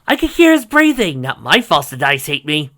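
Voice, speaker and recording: A reader voicing a cheerful, unlucky young woman at a tabletop game, squeaky and excitable. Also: moderate pace, heavily acted.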